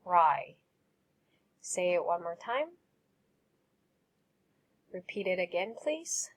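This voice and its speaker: A woman teacher giving a vocabulary lesson, enunciating each word carefully and explaining terms simply with gentle praise. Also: fairly low pitch. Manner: slow, careful enunciation with repeat-after-me drills.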